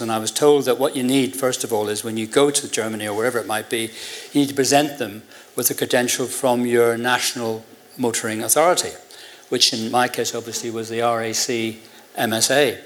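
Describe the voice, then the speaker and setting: A man's voice: medium pitch, slight background noise. An older man with an Irish accent, telling a long anecdote as an interview guest in front of an audience, acting out the voices of the people in his story with a laugh in his voice. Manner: animated, acts out quoted voices with a laugh in his voice.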